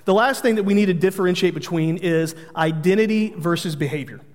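High-voiced pastor preaching in a reverberant hall. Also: male voice. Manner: earnest, storytelling with humor. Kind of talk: sermon.

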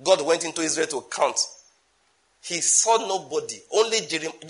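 A man with a Nigerian accent preaching a sermon emphatically, with sudden loud bursts and asides in Nigerian Pidgin. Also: a little high, expressive, moderate pace.

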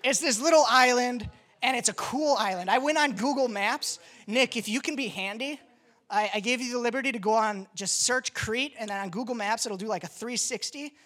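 A woman's voice: a little high, brisk, a bit bright. A woman pastor giving a casual sermon to a congregation, talkative and joking as she goes.

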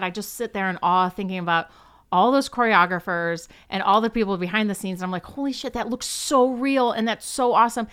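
An enthusiastic woman talks in a relaxed, casual podcast chat. Her voice is smooth and clear, at a middle pitch. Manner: enthusiastic, quick, lots of likes. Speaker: guest.

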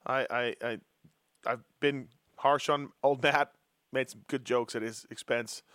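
A man's voice: medium pitch, steady tone, a little slow, fairly bright tone, dry recording, studio quality. A man hosting a casual racing podcast, joking and teasing his co-hosts. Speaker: host.

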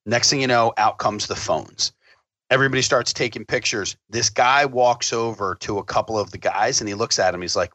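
Man, casual storyteller, swears freely and acts out quotes, bright forceful voice, dry sound. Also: fairly low pitch, normal speed, no echo. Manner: profane, animated storyteller acting out quotes.

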